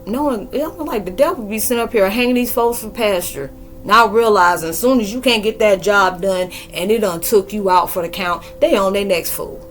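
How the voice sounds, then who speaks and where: A woman in her forties giving a rambling, slangy spiritual monologue and acting out quoted dialogue in a lively way. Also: medium pitch, brisk, faint music behind. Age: 40s. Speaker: spiritual podcaster and reader.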